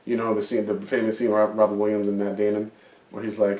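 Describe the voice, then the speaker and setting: Quick and completely flat, his lowish voice is mellow as this male co-host rambles through a story. The casual podcast chat is full of fillers and swearing, recorded in a roomy space with the mic far off.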